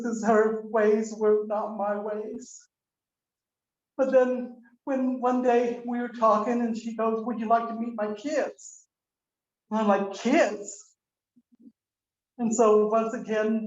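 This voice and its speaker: An older woman with a slightly high voice speaks at a memorial service, rambling candidly through a family story and acting out each back-and-forth of dialogue. The sound is roomy and muffled, picked up from across a hall through a video call. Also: darkish tone. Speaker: mourner giving a eulogy.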